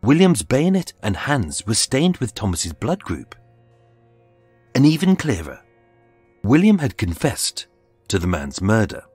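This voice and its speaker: A man with a low, husky voice narrating true crime in a scripted, measured way. His pitch rises and falls with drama, while faint music sits underneath. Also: wildly swooping pitch, a little mellow, dry recording. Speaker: podcast narrator.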